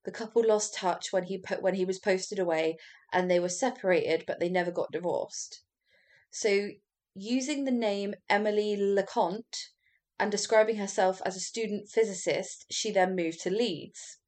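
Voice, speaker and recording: A woman casually recounting a true crime story on a podcast, chatty and quick to laugh, with the odd swear word. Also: medium pitch, a little mellow.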